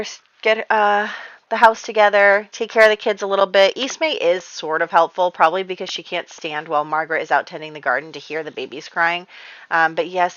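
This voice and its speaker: A woman's voice: medium pitch, bright, forceful tone, smooth, no echo, dull audio. A woman giving chatty, giggly commentary over a life-sim game, often saying "like". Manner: chatty, giggly, heavy use of "like". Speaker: game let's-player. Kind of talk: casual gameplay commentary.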